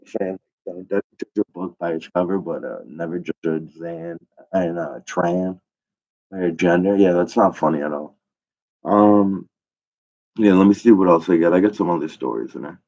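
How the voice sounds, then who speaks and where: Deep-voiced man rambling through a profane story. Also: moderate pace, darkish tone. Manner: profane, rambling, full of fillers. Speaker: comedian. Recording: dull lo-fi recording.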